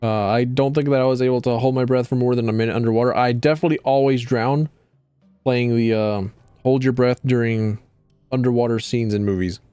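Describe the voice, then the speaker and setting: A man's voice: mid-range voice, steady tone, fairly quick, warm tone, clear, resonant tone, no echo, faint music behind. A young adult man casually commenting while streaming a game, rambling and self-deprecating with stumbling restarts.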